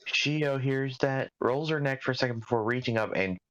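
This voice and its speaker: A man's voice: medium pitch, moderate pace, a bit bright, muffled recording. A man playing a tabletop role-playing game, moving playfully between narrating his character's actions and speaking her lines. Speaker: player.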